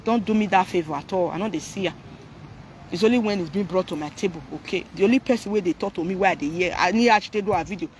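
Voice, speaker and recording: A high-voiced man with a Nigerian accent rants animatedly to his live stream viewers at a quick pace, mixing Pidgin, Yoruba and English. There's slight background noise.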